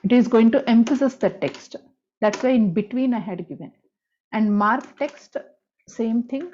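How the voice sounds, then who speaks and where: Speaking unhurriedly in a fairly high, dark-toned voice, a female programming tutor walks through a screen-recorded coding lesson step by step. She spells out tag names and goes over key points again, on dull lo-fi audio with slight background noise.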